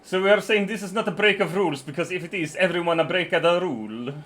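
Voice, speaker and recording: A man's voice: sits high, fast talker, fairly bright tone. A man streaming live, reading terms of service aloud in casual chat, swearing and joking, stumbling and restarting his sentences. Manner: profane, joking, stammers and restarts often.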